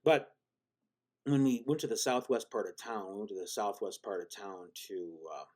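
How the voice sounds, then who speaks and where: A man hosting a vlog, telling a rambling story with many restarts and deadpan self-mocking humor. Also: fairly low pitch, normal speed. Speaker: channel host.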